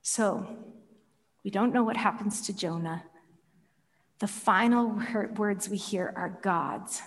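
Slow, playful woman preacher. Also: medium pitch. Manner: playful storytelling, laughing, rhetorical questions. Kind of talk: sermon. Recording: long reverb of a large hall.

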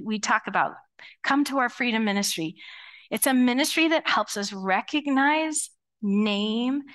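A middle-aged woman pastor preaching a sermon to her church in a lively, conversational way, acting out quoted voices as she goes. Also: medium pitch. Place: church sanctuary.

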